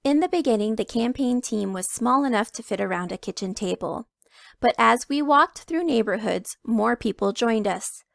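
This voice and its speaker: A woman reading a picture book aloud to children, telling it in the first person with expressive emphasis. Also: on the high side, normal speed, creaky, dry recording, clean studio sound. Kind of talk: read-aloud storytelling.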